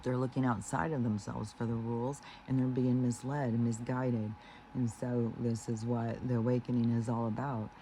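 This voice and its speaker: A man talks in a mellow, warm tone. His spiritual monologue meanders through fillers and false starts. He turns earnest and slower on the points he wants to stress. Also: medium pitch, flat delivery, a little hiss or hum, rough recording. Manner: meandering, heavy with fillers and restarts; earnest, slows down on key phrases. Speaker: spiritual vlogger.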